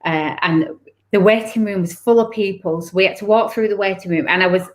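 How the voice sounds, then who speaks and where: A woman opens up as an interview guest. She talks candidly and with feeling, stopping and restarting her sentences as she recounts hard times. Her pitch sits at a middling level. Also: fairly quick. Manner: candid and emotional, many restarts and self-corrections. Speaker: guest author. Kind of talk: personal storytelling in an interview.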